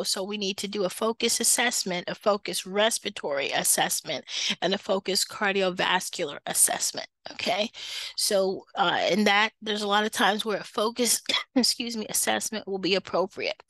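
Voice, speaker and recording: Bright-voiced woman lecturing nursing students. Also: mid-range voice, no room sound, rough recording. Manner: conversational, checks in with "okay" and "right"; acts out patient and nurse lines in quoted voices. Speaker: nursing instructor. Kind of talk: recorded lecture.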